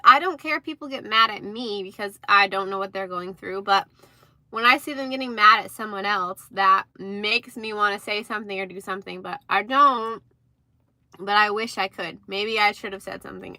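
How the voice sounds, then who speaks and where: A young woman telling stories in a casual, animated livestream chat, acting out the people she quotes. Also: medium pitch, no echo. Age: young adult. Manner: chatty, animated retelling with acted-out quotes. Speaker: livestream host.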